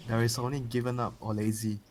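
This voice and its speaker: Blunt, excitable man casting esports. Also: medium pitch, a little hiss or hum. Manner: blunt and teasing, excitable reactions. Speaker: esports caster. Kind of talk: casual play-by-play commentary.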